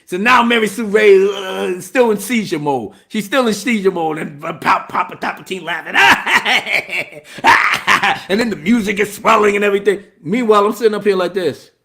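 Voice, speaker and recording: A man giving a casual, profane spoiler movie review, talking in an animated way and laughing often. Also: high voice, a little fast, creaky, few pauses.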